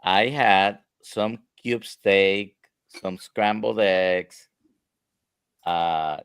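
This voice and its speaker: A man with a Spanish accent answering questions in a live Q&A, talking slowly and haltingly with many fillers. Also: low voice, a bit bright, clear, resonant tone, no echo. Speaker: guest doctor. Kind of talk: live Q&A chat.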